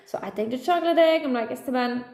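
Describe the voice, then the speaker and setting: A woman, a mother, telling a lively casual story and acting out the lines of each person in it. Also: high voice, fast talker, gravelly. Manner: animated, acts out dialogue, laughs at herself. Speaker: mother and vlogger. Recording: roomy echo.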